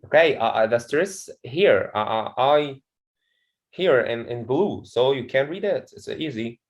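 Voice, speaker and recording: A man's voice: mid-range voice, animated, measured pace. A man teaching a pronunciation lesson to a class, repeating words and questions patiently. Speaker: English teacher.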